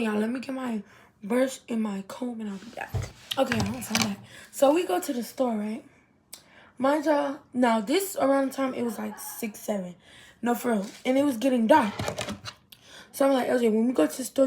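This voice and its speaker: A woman's voice: on the high side, a little mellow, slight background noise. A young woman telling a rambling storytime vlog, talking to viewers as y'all and circling back over her own words. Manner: chatty, addresses viewers as y'all, rambling with restarts. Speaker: vlogger. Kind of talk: casual storytime.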